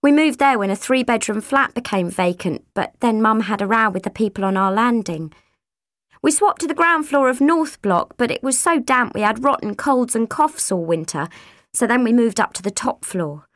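A woman narrating an audiobook, with expressive voices for each character. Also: on the high side, normal speed, dry recording, clean studio sound.

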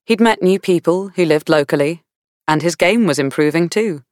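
An audiobook narrator, a woman with a lowish voice, reads a novel aloud in a measured, warm storytelling manner. The scripted narration has clean studio sound with no room noise.

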